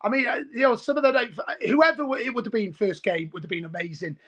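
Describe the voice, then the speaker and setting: Excitable rambling Welshman on a video call. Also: high voice, fast. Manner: excitable, rambling, says "mate" a lot. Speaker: guest football fan. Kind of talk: casual podcast chat.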